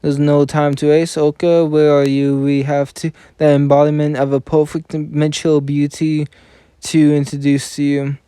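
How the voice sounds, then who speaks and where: A man reading game story dialogue aloud in a plain, even manner, often stumbling over words and correcting himself. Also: fairly high pitch, measured pace, clear, resonant tone, no room sound, studio quality. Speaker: reader of game story scenes.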